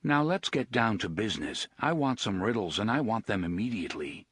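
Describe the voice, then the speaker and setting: An arrogant machine voice in an audiobook, cold and demanding, with simmering menace under a measured delivery. It sounds husky and dry, as a man puts it on. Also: lowish voice, big pitch swings, a bit bright, dry recording, exaggerated voice. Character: arrogant, menacing talking train computer, male.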